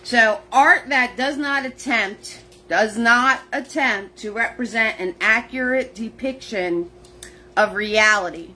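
Chatty lady teaching a paint class, slow talker, kinda high voice, laughs a lot. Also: bright, forceful tone, poor audio. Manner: chatty, greets viewers by name, laughs often. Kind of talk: live-streamed painting lesson.

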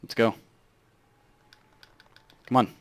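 A young man commentating a video game playthrough, muttering asides and breaking into loud swearing outbursts. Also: extremely slow. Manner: swings between mumbled asides and loud angry outbursts, swears a lot. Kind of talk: let's play commentary.

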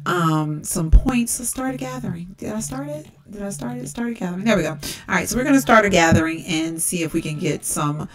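A woman's voice: animated, brisk, over a noisy crowd. Chatty woman narrating gameplay. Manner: chatty, addresses viewers as y'all. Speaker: let's-play host. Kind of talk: casual gameplay commentary. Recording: distant low-quality game capture.

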